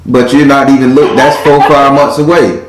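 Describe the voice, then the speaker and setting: A man's voice: mid-range voice, level tone, normal speed, echoey room, rough recording. A man giving a live tarot reading, talking bluntly and casually with plenty of profanity. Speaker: tarot reader. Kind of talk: live spiritual card reading.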